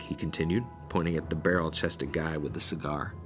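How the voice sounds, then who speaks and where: A man's voice: extremely low pitch, fairly even intonation, a little fast, hardly any pauses, a bit bright. A man narrating a first-person horror story in a blunt, wry, profane way. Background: faint music.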